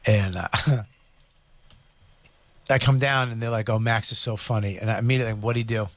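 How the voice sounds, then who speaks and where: A man's voice: lowish voice, fairly even intonation, moderate pace, dry recording. A man co-hosting a casual comedy talk show, bluntly telling stories about his son and swearing freely. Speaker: co-host.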